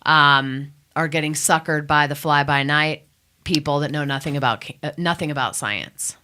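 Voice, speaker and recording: Indignant woman with a bright voice. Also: deep voice, moderate pace, a little hiss or hum. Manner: emphatic, indignant, storytelling with quoted voices. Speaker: cannabis testing lab owner, guest. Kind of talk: passionate radio talk. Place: radio studio.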